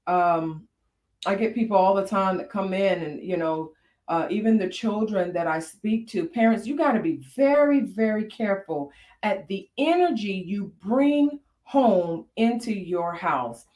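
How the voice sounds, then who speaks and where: A woman's voice: mid-range voice, animated, unhurried, darkish tone, roomy sound. A woman co-hosting a candid conversation about marriage, telling personal stories. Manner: reflective, storytelling with frequent fillers. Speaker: podcast co-host.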